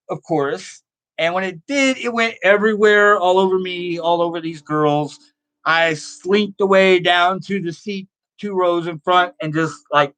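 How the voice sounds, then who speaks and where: A man's voice: high voice, fairly bright tone. A middle-aged man hosting a horror show, telling a rambling story and reading viewer comments in a casual, self-amused way, laughing often.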